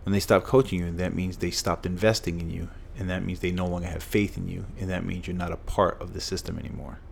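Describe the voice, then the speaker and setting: Middle-aged man from Massachusetts, very low voice, emphatic storyteller on a podcast, faint room hiss. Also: flat delivery, fast talker, creaky. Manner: emphatic, repeats phrases for punch. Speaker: podcast guest, former football player.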